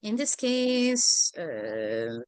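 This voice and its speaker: A woman's voice: medium pitch, big pitch swings, extremely slow, a little mellow, clear, resonant tone, dry recording. A young woman teaching an English vocabulary lesson to a class, often checking whether students follow. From Singapore. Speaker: English tutor.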